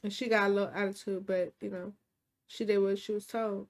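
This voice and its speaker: A woman's voice: medium pitch, flat delivery, brisk. A woman casually retelling a dramatic story in chatty, slangy speech with frequent restarts.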